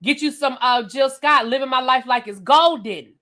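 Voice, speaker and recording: A woman ranting through a live reality-TV review, talking blunt and sassy straight to her viewers. Her voice sits high and rings bright. She speaks into a webcam. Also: moderate pace. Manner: animated, blunt and sassy, addresses viewers directly. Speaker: reviewer and channel host.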